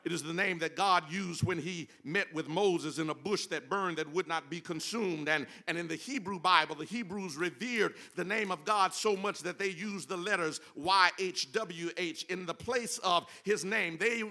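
A man's voice: sits high, moderate pace, few pauses, sharp tone. A man preaching a sermon in a church, building to fervent, half-sung phrases. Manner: preaching with rising fervor and sung, chanted phrases. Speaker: pastor. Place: church sanctuary.

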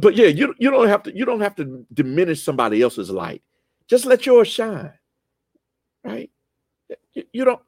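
A man leading a church Bible study, animated and lively, often rising in pitch and restarting his sentences. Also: no echo.

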